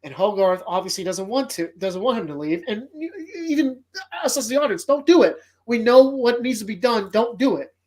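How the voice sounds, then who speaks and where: A man hosting a relaxed movie podcast, talking through films with loud, profane enthusiasm. He acts out scenes as he goes and sometimes sounds choked up. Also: high-pitched, fairly quick. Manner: emotional, choked up at times. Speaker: podcast host. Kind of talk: casual movie podcast talk.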